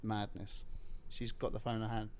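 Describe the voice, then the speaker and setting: A middle-aged man telling a story in casual podcast talk, animated and swearing, breaking into laughter. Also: on the low side, normal speed, crowd noise. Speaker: podcast guest.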